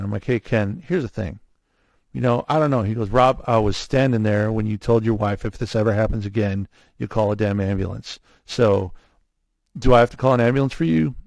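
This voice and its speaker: A man telling his own story in a casual interview, animated, acting out what others said to him. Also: on the low side, creaky, no echo. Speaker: guest, cardiac arrest survivor.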